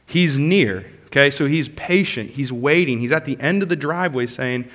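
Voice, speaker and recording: Passionate preacher in a reverberant hall. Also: male voice, medium pitch, expressive, normal speed, hardly any pauses. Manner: passionate, swings from loud bursts to soft hushed lines. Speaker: pastor. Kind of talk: sermon.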